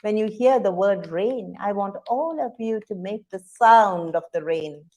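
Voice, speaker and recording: A woman's voice: mid-range voice, expressive, measured pace, dark tone. A woman telling a children's story aloud, with sound effects and questions for the audience.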